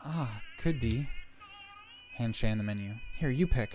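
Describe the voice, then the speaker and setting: A male streamer plays through a narrative game, reading each character's lines out loud with a playful touch and tossing in quick jokes between them. Soft game music plays faintly in the background. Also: medium pitch. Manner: playful, reads game lines aloud between jokey asides. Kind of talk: live game stream, reading dialogue aloud.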